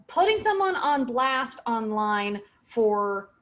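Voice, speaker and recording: A woman co-hosting a podcast in a casual advice chat, speaking in a direct, emphatic way. Her voice sits a little higher than most women's. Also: sing-song, slow pace, fairly bright tone. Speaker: podcast co-host.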